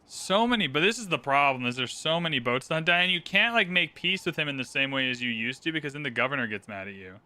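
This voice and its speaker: A man narrating his own strategy game session with a bright, lively voice and a fairly high pitch. His speech is clear and smooth, chatty and upbeat as he explains each move. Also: fast talker, few pauses. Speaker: gaming channel host. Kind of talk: casual gameplay commentary.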